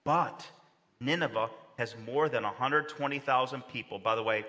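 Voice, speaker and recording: A man preaching from the pulpit, his voice bright and tense, carrying over a long reverberant tail in a large hall. He delivers the sermon with animation, pitching up sharply whenever he voices the people he quotes. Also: moderate pace. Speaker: pastor.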